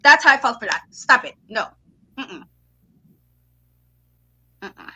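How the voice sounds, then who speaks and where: A young woman rants on a casual wrestling talk show in a sassy, exasperated tone. Her voice sits high and sounds bright and forceful, and she keeps slipping into mocking impressions of crying. The delivery is animated throughout. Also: takes it slowly, breathy edge. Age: young adult. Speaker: co-host.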